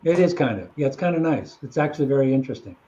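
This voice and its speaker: A man's voice: mid-range voice, lively intonation, racing, crowd noise. Rambling storyteller man, muffled audio. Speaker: guest storyteller. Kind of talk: casual chat.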